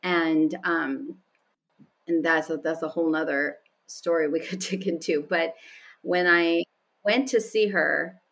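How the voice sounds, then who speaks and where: A woman's voice: deep voice, measured pace. Candid woman telling personal stories. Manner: candid and animated, laughs often while telling stories. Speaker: podcast guest. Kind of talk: personal storytelling in conversation.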